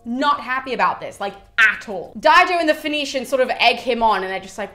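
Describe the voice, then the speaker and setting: A woman's voice: fairly high pitch, lively intonation, quick pace, few pauses, pushed and bright. Chatty young woman retelling a myth. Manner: chatty, irreverent, acts out quotes with mild swearing. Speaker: mythology explainer. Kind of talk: casual storytelling retelling of an epic.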